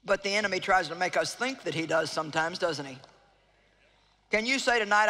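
A woman preaching an evangelistic sermon, earnest and pleading as she repeats her key phrases. Her voice is bright and forceful. It rings out with the long reverb of a large hall. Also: lowish voice, a little fast, slight background noise. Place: large hall with live audience.

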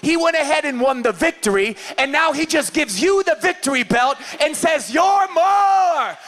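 A male pastor with a Californian accent, preaching an impassioned sermon, often shouting and acting out little scenes. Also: extremely high pitch, lively intonation, normal speed. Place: church service.

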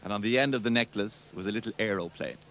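A man's voice: fairly low pitch, fast, gravelly, fairly bright tone. A man telling cheeky stand-up jokes with a boastful delivery. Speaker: comedian.

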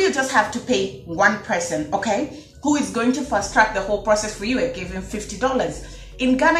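A woman's voice: on the high side, roomy sound. A woman from Kenya talking casually to camera in an opinion vlog, emphatic and repeating her points to her viewers. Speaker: vlogger.

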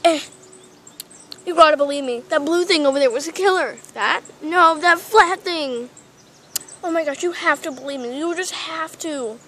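A woman voicing an excitable female plush pet toy who panics easily, with dramatic shrieks and pleading, in a toy role-play video. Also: high-pitched, moderate pace, a little hiss or hum.

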